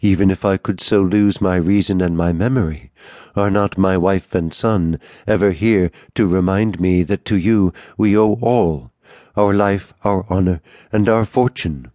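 A frightened middle-aged notary, as a man voices him in a storybook reading, begs and trembles in a gloomy, subdued way. The voice is very low and is recorded dry and close, with no room sound. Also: measured pace, mellow, no room sound, dull audio. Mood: fearful. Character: terrified male notary about fifty, humble and pleading.

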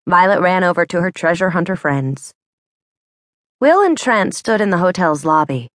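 Woman narrating a story, low and dry. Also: lively intonation, moderate pace, a bit bright, no echo. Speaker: audiobook narrator. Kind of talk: scripted narration.

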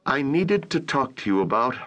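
A man's voice: mid-range voice, sing-song, normal speed, a bit bright, voice pushed up. A man putting on a flustered young woman. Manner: stammering, flustered. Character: nervous young woman, would-be spy.

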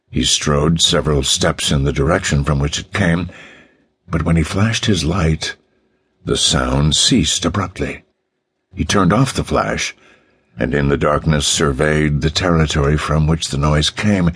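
A man narrating a suspense audiobook in a measured, tense way. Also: very deep voice, breathy edge, dry recording.

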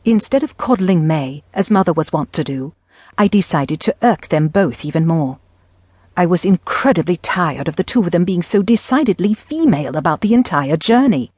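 A woman narrating an audiobook in the first person with measured, even storytelling. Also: fairly low pitch, husky, no echo.

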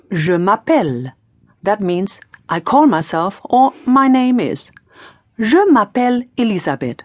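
A woman's voice: mid-range voice, a little mellow, dry recording, clean studio sound. A woman teaching in a scripted audiobook lesson, prompting the learner in an encouraging, playful way. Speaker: language teacher.

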